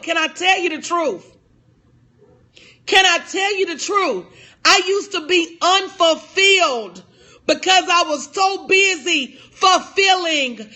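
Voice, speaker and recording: A middle-aged woman speaker with a high, bright, forceful voice. She hammers her points home through repetition in a preacher-like rhythm. Her talk is heartfelt and confessional. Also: slow. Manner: emphatic and repetitive, in a preacher-like cadence. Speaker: motivational speaker and life coach. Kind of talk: motivational speech to an audience.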